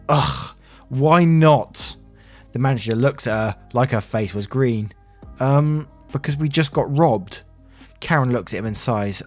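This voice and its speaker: A man narrating online stories casually, with wry asides and free swearing. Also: fairly low pitch. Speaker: reddit story narrator. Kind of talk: casual story narration with commentary.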